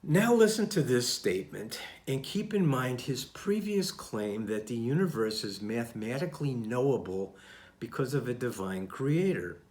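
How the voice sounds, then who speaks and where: A man hosting the channel, reading a scripted rebuttal in a deliberate, didactic way. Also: mid-range voice, a little mellow. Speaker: channel host.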